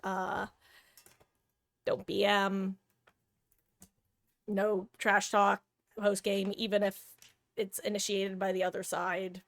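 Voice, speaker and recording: A woman livestreaming a game, rambling and thinking out loud as she plays and chats to her viewers. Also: medium pitch, completely flat delivery, takes it slowly, creaky, long pauses. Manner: rambling, chatty asides to chat, thinking aloud. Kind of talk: casual live gameplay commentary.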